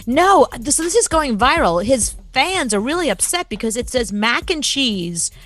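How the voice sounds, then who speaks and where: A woman co-hosting a radio show, telling a story in an animated, chatty way and laughing easily. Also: high voice, normal speed, faint music behind. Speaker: radio co-host. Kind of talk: casual radio chat.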